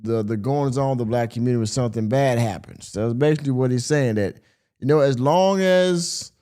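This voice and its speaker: A male podcast host chats casually in a mellow, mid-pitched voice. He rambles and fills his talk with "you know" and "uh". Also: fairly quick. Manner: rambling, heavy on fillers. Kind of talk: casual reaction commentary.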